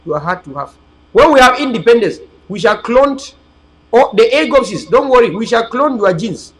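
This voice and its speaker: High-voiced, preachy man. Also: big pitch swings, moderate pace, low-quality recording. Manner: emphatic, preachy, repetitive. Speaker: host of an online political channel. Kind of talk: rambling livestream monologue to viewers.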